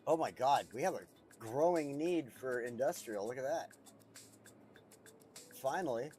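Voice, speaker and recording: A man's voice: medium pitch, measured pace, dark tone, soft background music. A man chatting casually while streaming a city-building game, rambling and swearing freely with frequent chuckles. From United States. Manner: rambling, profane, chuckles often. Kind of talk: casual gameplay commentary.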